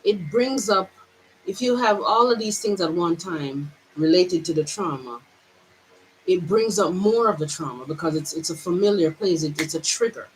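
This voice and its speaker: A woman vlogger with a Jamaican accent, pouring out her feelings in a halting personal monologue full of restarts. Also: lowish voice, a little hiss or hum, low-quality recording.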